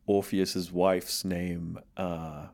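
A man with a Canadian accent hosting a casual podcast chat, rambling and joking at himself, often breaking into loud laughter. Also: deep voice, flat delivery, drawn-out words, gravelly. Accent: Canadian English. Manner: rambling, self-mocking, bursts of loud laughter. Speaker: podcast host.

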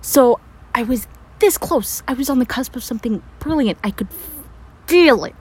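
A woman's voice: fairly high pitch, expressive, moderate pace, husky. A woman playing a frantic young scientist in an audio role-play, stammering, breathless and swearing. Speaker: voice actor.

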